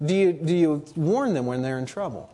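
A man with a slightly husky voice preaching a sermon. His pitch swings widely as he pushes earnest rhetorical questions. He sits a little higher than most men. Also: lively intonation, moderate pace, mellow.

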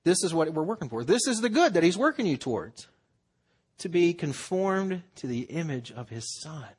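A man's voice: a little high, very animated, moderate pace, darkish tone, breathy edge. A man preaching a sermon in an earnest, conversational way, acting out quotes as he goes. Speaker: pastor.

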